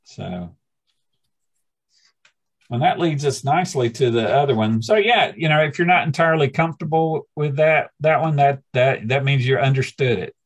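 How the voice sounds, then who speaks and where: A man's voice: medium pitch, normal speed, breathy edge, dull audio. A man leading a study group, teaching informally with a rambling, hesitant manner and many restarts.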